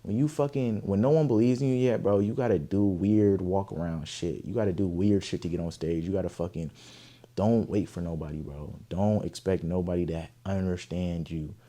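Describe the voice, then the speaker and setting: A young man from Oakland, telling a story in an interview, animated, profane and emphatic. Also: deep voice, normal speed. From Oakland, California. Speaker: guest artist.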